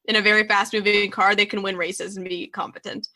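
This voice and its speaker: A woman's voice: medium pitch, level tone, fairly quick, bright, forceful tone. A young woman as a podcast guest in casual chat, chatty and full of "like". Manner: chatty, filler-heavy with "like".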